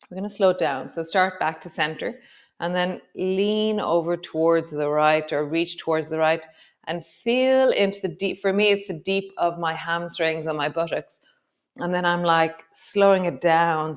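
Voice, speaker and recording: A woman teaching a yoga class, giving calm, slow movement cues with soft trailing words. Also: lowish voice, clear, resonant tone. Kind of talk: guided yoga class instruction.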